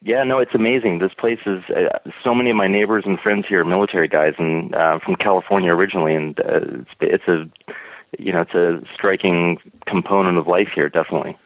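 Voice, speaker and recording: A man's voice: sits low, fairly even intonation, fairly quick, dry recording, low-quality recording. A man from Virginia calling in to ask earnest, wordy questions of a podcast host. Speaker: caller. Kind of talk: phone-in questions.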